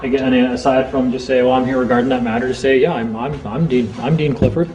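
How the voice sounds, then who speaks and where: A man giving an informal seminar talk to a small group, chatty, acting out courtroom exchanges in quick quoted voices. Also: mid-range voice, fairly even intonation, darkish tone, muffled recording, a little hiss or hum. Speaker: seminar speaker.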